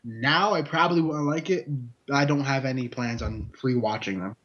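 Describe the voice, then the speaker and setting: A man's voice: mid-range voice, moderate pace, a bit bright, slight background noise. A man on a casual group podcast, joking loosely and swearing freely. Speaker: podcast co-host. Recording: dull lo-fi podcast audio.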